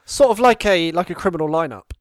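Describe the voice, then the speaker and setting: Man co-host, rambling storyteller, high voice, dry close sound. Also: expressive, fast, dry recording. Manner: rambling, laughs at his own stories. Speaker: podcast co-host. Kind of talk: casual anecdote telling.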